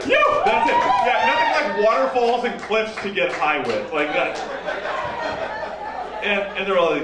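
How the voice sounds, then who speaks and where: A man's voice: sits high, big pitch swings, moderate pace, a crowd in the background. A man doing a stand-up comedy set on a club stage, wry and self-mocking with a punchy delivery. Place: club stage with a live audience. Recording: roomy live sound from a distant mic.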